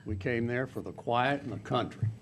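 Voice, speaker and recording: A man's voice: mid-range voice, moderate pace, a little hiss or hum. A middle-aged man, giving blunt, emphatic public comment at a zoning meeting. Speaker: resident speaking at public hearing.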